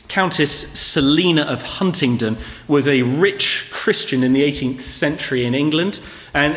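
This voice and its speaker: A man's voice: mid-range voice, fairly bright tone. A man preaching a sermon to his congregation in a conversational way, asking rhetorical questions. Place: church hall. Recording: echoey hall with long reverb.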